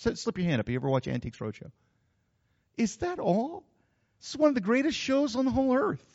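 A man's voice: extremely high pitch, sing-song, brisk, vocal fry, a little mellow, in a large hall, muffled recording. An older man, preaching a sermon as pastor in an emphatic, repetitive, folksy way. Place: church.

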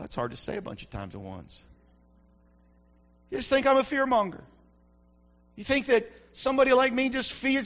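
A male pastor preaching an emphatic sermon that builds to shouts, recorded on a dull lo-fi recording. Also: very high voice. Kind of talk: fiery sermon.

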